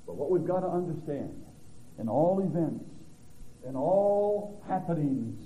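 Male pastor, slow, lively sermon delivery with loud-to-hushed swings; tinny lo-fi sound. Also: a little high. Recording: tinny phone-like recording.

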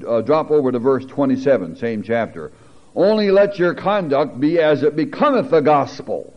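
A man preaching a sermon, reading scripture aloud with teacherly asides and building to emphatic, animated peaks. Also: mid-range voice. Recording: dull lo-fi recording.

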